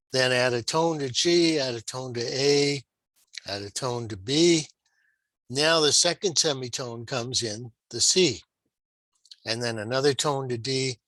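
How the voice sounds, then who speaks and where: Male guitar tutor, middle pitch, patient and methodical, crisp dry home-mic sound. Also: fairly bright tone, dry recording, rough recording. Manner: patient, explanatory, with fillers and rhetorical questions. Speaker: guitar teacher. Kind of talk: screen-shared music lesson.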